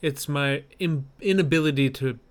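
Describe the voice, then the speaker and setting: A man's voice: on the high side, moderate pace. A man co-hosting a casual podcast chat, matter-of-fact with dry humor. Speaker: podcast co-host.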